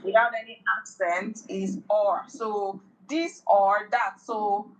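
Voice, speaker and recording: A woman's voice: mid-range voice, steady tone, slow, low-quality recording. A woman tutoring a beginner in French, walking through accent marks step by step. She speaks patiently, repeating points and asking if they are understood. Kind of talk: one-on-one language lesson.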